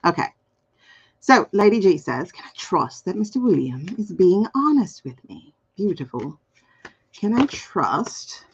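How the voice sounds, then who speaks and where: A woman's voice: on the low side, measured pace, slight background noise. A playful, chatty woman, doing a live tarot reading and talking to viewers by name. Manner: playful, lively, laughs often, talks to chat by name. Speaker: tarot card reader. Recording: slightly dull lo-fi stream audio.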